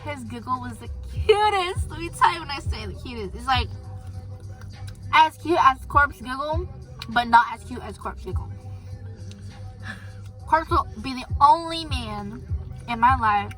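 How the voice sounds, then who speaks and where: A woman's voice: high voice, lively intonation, unhurried, pauses often, fairly bright tone, soft background music. A teenage girl vlogging, telling gossipy stories about her crushes in casual chat. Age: teens. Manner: chatty, gossipy storytelling.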